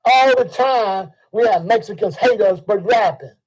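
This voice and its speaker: An older man. His voice sits high for a man. He delivers a heated, profane monologue and circles back to the same points again and again. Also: a little slow, darkish tone, husky, low-quality recording. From Chicago. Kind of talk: ranting monologue.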